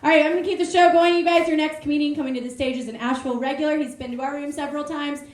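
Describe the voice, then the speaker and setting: A woman's voice: high voice, steady tone, racing. A woman hosting a comedy show from the stage, chatting with the crowd and bringing up comedians. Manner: chatty, upbeat crowd banter. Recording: echoey club room with crowd.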